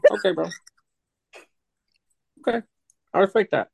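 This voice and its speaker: A man's voice: high-pitched, animated, unhurried, vocal fry, breathy edge, dry recording. A man co-hosting a casual film podcast, laid-back and teasing his friends. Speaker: podcast co-host. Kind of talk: casual chat.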